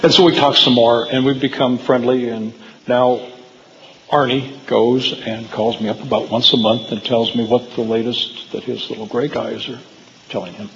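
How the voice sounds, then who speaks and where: A man's voice: mid-range voice, flat delivery, moderate pace, muffled recording, a little hiss or hum. Man telling stories in a hall. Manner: rambling, with frequent fillers and restarts. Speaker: speaker giving a talk. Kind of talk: storytelling lecture to a live audience. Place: hall with audience.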